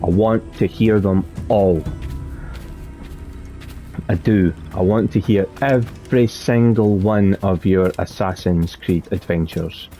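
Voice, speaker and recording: A man with a deep, warm voice hosts his gaming channel and comments as he plays. He talks in a loose, chatty way, circling back and correcting himself mid-sentence. Soft music sits quietly under his voice. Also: takes it slowly. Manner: chatty, rambling, self-correcting. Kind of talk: let's play commentary.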